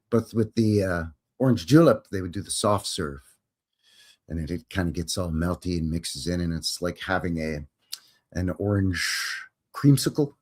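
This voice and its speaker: A man's voice: sits low, moderate pace. A man hosting a casual live stream, rambling in a folksy way and chuckling as he answers viewers' questions.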